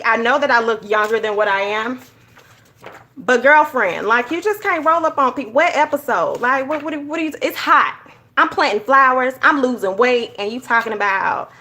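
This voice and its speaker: A woman telling stories in a casual, animated way while she decorates her journal. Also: high-pitched, normal speed. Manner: animated storytelling, addresses viewers as y'all. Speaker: journaling YouTuber.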